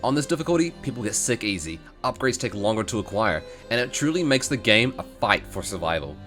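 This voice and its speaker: A man's voice: on the low side, very animated, fairly quick, a bit bright, faint music behind. A man giving playful, joking commentary on a video game as a streamer. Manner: playful, joking, laughs often.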